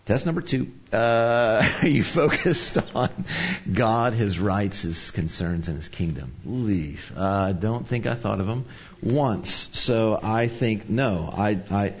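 A man's voice: lowish voice, slow, husky, lo-fi sound. A man preaching a sermon on anger, telling a personal story in a conversational, self-deprecating way.

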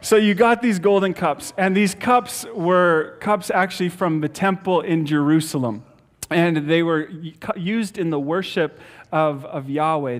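An upbeat male pastor delivering a relaxed, playful sermon. His voice sits a little high for a man, and he moves easily between teaching and light banter, often breaking into laughter.

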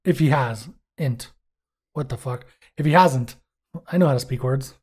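A man in casual podcast talk, loose and jokey, cursing often as he rambles through his thoughts. His voice sits at an ordinary middle pitch, neither high nor low. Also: moderate pace, a little mellow, husky. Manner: swears freely, jokey and rambling. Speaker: podcast co-host. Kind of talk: casual chat, reviewing a TV episode.

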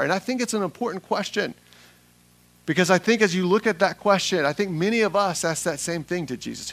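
A young adult man from Atlanta, preaching a sermon to a congregation, building from quiet reflection to loud emphatic calls. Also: sits high, lively intonation, a little fast. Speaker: pastor. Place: church sanctuary with congregation.

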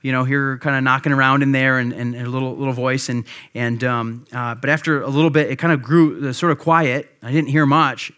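A male pastor in his thirties preaching to his church. He tells a story in a loose, chatty way, full of ums and restarts, with a voice that sits at an ordinary middle pitch. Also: fairly bright tone. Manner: conversational storytelling with many fillers. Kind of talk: sermon.

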